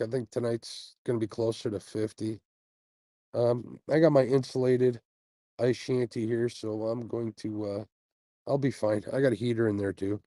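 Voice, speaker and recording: A laid-back man hosting a fishing channel livestream chats and reads viewer comments, sounding sleepy and yawning after a night without sleep, with fillers and small laughs. His mellow, warm voice is medium-pitched. The audio comes through an earbud mic on a phone stream, dry and close with no echo, and the recording is rough.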